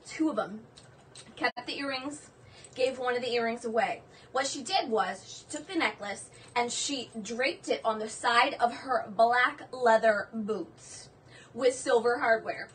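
A woman hosting a live jewelry sales stream, chatty and excitable, gushing over each piece. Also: sits high. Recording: distant mic with faint background noise.

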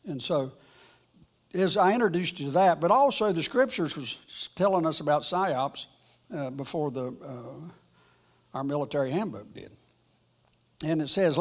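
A man leads a church Bible lesson in a loose, conversational way. His voice is husky and a little breathy, and he wanders through his points, pausing and circling back to restart his sentences. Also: on the high side. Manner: rambling, halting, with frequent restarts. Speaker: church teacher. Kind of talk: informal Bible teaching.

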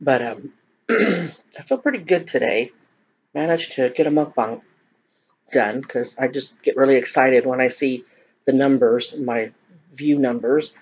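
Husky-voiced woman, lo-fi mukbang vlog. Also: rumbling low, measured pace, darkish tone. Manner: joking, self-deprecating, chatty with viewers. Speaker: mukbang vlogger. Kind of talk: casual vlog while eating. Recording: dull lo-fi home recording.

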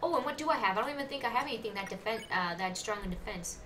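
A woman streams a game, chatting casually with her viewers and giggling as she talks to chat in live-stream commentary. Her voice is fairly high and a bit bright, racing along with lively intonation. The room is echoey, the mic distant, with faint noise.

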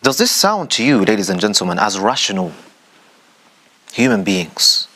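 A man's voice: lowish voice, sing-song, normal speed, bright, forceful tone. A man hosting a religious commentary show, speaking in a rhetorical way, addressing the audience directly with dramatic emphasis. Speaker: show host.

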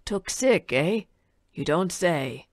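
A woman reading an audiobook, voicing a frail, polite old man who speaks slowly and mumbles as if talking to himself. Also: fairly low pitch, animated, no echo, clean studio sound. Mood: vague, mild. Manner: slow, musing, as if talking to himself.

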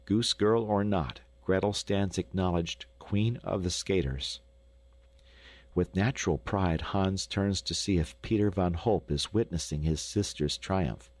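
Guy reading a storybook aloud, lively and expressive, pretty low voice, dead dry studio. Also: a little slow, no echo. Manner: lively, expressive, rising with excitement. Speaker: audiobook narrator. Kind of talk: scripted narration.

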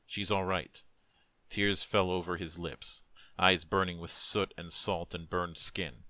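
A man narrates a dark story in a solemn, measured, emotive voice. His voice is very deep but bright and forceful. The recording is close and dry, with no room sound. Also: fairly even intonation, no echo. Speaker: narrator, streamer. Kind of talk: dramatic story reading.

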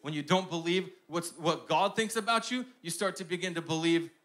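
A young man preaching with a bright, ringing tone and a slightly higher-than-average pitch. He drops to a hushed, intimate voice when he tells his own story, then rises to loud, repeated declarations. His sermon style is emphatic and full of repetition. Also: brisk.

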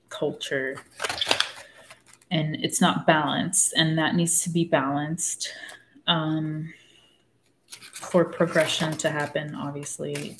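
A woman's voice: low-pitched, noisy background. A woman talking casually about a book she is reading, rambling and frank, losing her thread and swearing freely. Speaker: book discussion host. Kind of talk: casual spoken book commentary.

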